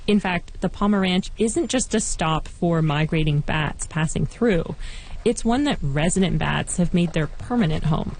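A woman reporter giving measured, clearly scripted documentary narration. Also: lowish voice, a little mellow, a little hiss or hum, low-quality recording. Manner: measured, clear storytelling delivery.

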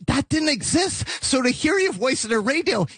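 A man in his fifties who hosts a long-running campus radio show, talking in an animated, excitable way and repeating phrases for emphasis. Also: very high-pitched, normal speed, breathy edge, no room sound. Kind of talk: casual interview talk.

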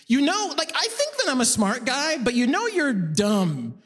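A male stand-up comedian, performing a set in a large concert hall, lively and jumping into voices. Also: very high-pitched, unhurried. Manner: animated, jumps into voices. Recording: live hall reverb. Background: audience laughter.

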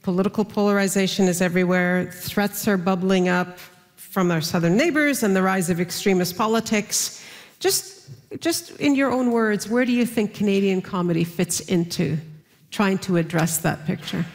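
A woman hosting a panel, asking measured questions. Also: mid-range voice, in a large hall. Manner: measured questions, frequent backchannels. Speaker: host, moderator. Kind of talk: moderated panel discussion.

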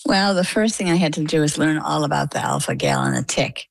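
A woman's voice: deep voice, wildly swooping pitch, brisk, vocal fry, no room sound, low-quality recording. A woman recounting a personal health story in an interview, acting out quoted dialogue as she goes. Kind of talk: conversational interview answers.

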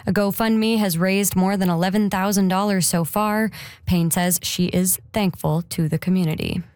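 A woman news anchor reading a regional radio newscast in a steady, measured way. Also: lowish voice, dry recording. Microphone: studio microphone.

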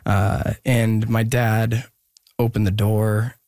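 A young man from Oregon telling a personal story as an interview guest, earnest and hesitant, with many pauses and restarts. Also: lowish voice, flat delivery, darkish tone, no room sound, studio quality.

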